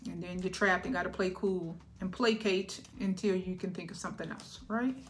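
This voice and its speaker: A woman's voice: fairly low pitch, moderate pace, faint music behind. A woman giving a collective tarot reading in a chatty, emotional way, often laughing and checking in with "all right?". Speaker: tarot reader.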